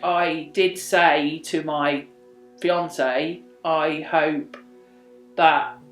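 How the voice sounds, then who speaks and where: A young woman telling a true story in casual chat, drops soft and breathy for quoted lines. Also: low-pitched, steady tone, very slow, soft background music. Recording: echoey room.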